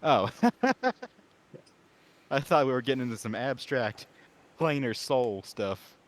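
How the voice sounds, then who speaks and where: A man's voice: mid-range voice, slow pace. A man playing a tabletop game, asking questions and rambling with many fillers. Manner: inquisitive, rambling with many likes. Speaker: player. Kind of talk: casual tabletop play.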